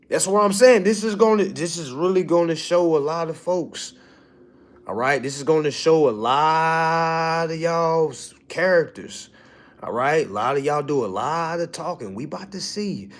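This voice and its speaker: A man with a high voice talks in a blunt, preachy way to his clients. His pitch leaps all over as he teases and scolds them. He keeps checking in with "All right?" and laughs at his listeners. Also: normal speed. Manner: animated, mocking and laughing at his audience. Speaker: business coach addressing clients.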